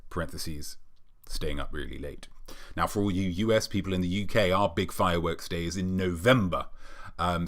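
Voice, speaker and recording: A man's voice: sits low, bright, forceful tone. A British man hosting a weekly live show alone, delivering a sarcastic, mock-smug comedic monologue. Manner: sarcastic, mock-smug, playfully self-aggrandizing.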